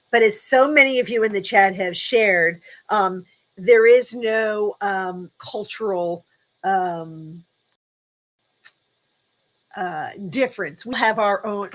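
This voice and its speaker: A woman's voice: mid-range voice, a bit bright. A woman hosting a casual live chat, talking in a chatty, encouraging way with lots of ums and restarts. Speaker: livestream host.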